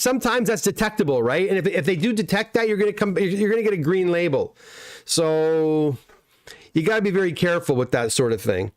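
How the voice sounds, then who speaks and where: Male host, middle-aged, slightly high voice, rambling friendly livestream chat, repeats himself. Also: expressive, a little fast. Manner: chatty, loose, frequent restarts and repeated words. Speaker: comic pressing business owner and livestream host. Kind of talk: casual livestream chat reading viewer comments.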